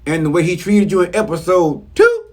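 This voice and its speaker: A man's voice: sits high, huge pitch swings, moderate pace, a little mellow. A man giving a casual, profane recap of a reality show episode, scolding the cast bluntly. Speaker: reality TV commentator.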